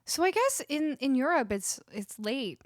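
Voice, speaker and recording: A woman's voice: high voice, sing-song, measured pace, no echo, clean studio sound. A young Canadian woman with a Canadian accent, chatting casually with her live stream viewers, laughing often and reading their messages aloud. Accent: Canadian English. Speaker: music streamer. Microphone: studio vocal mic.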